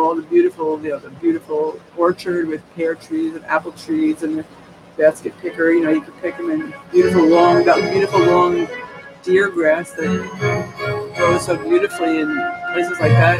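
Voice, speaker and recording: A high-pitched man with a gravelly, fry-laden voice tells a story straight to his camera at home. He wanders from point to point, restarting sentences and chuckling often, his pitch leaping up and down all the while. Music plays in the background. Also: rough recording. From New York State, USA. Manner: digressive, many restarts, laughs often. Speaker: vlogger. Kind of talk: casual rambling monologue. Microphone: camera microphone. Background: music playing.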